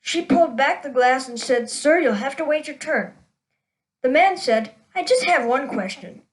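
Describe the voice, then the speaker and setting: A woman's voice: high voice, animated, moderate pace, low-quality recording. A woman hosting her own show, telling a string of jokes and laughing at her own punchlines. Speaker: show host.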